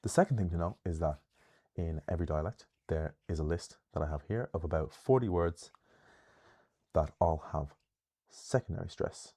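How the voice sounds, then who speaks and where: A young man giving an explanatory lesson on pronunciation, careful and deliberate, slowing down to say example words clearly. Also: deep voice, mellow. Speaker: Irish language teacher.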